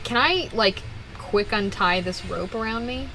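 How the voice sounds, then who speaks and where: A woman playing a tabletop game, excitable, who swears loudly when her rolls fail. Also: medium pitch, a little slow, poor audio. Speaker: player. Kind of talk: casual tabletop game play.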